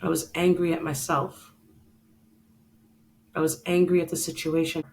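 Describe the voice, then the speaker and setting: A woman's voice: low voice, little pitch movement, unhurried, vocal fry, darkish tone, low-quality recording. A woman hosting a show, telling a personal story in an earnest, emotional way and speaking straight to the listener. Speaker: podcast host.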